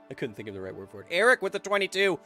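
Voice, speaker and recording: A man's voice: sits high, fast talker. Man, science livestream host, casual chat, upbeat and jokey, faint background music. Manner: upbeat, jokey, bursts of excitement. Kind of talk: livestream chat, reading viewer donations.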